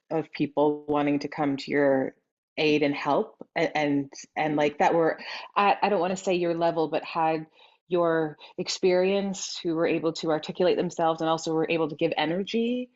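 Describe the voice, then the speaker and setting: A woman's voice: sits low, darkish tone. A woman hosting a podcast, asking questions hesitantly and restarting them. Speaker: podcast host. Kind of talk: interviewing. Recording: slightly dull lo-fi audio.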